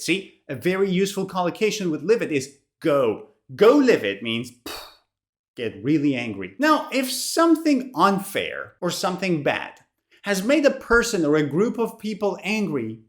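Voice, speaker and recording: Woman, English teacher, online vocabulary lesson, very expressive swooping intonation, repeats words slowly. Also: lowish voice. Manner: animated, slowly repeats key words for pronunciation.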